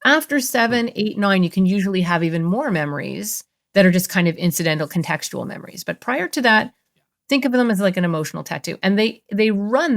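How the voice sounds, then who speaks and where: A woman therapist talking as a podcast guest, explaining in an animated, conversational way. She slips into playful voices for the thoughts she describes, and her pitch sits in the middle.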